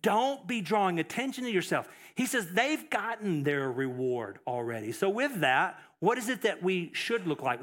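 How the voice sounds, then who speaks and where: A man's voice: fairly high pitch, a bit bright. A man preaching a sermon as pastor, emphatic, repeating phrases, with fillers and restarts.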